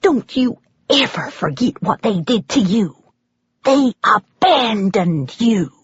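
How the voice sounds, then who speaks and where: A woman's voice: mid-range voice, big pitch swings, slow pace, breathy edge, no room sound, highs cut off, exaggerated voice. A woman voicing a fierce, bitter older American country woman with clipped rural speech. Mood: hostile.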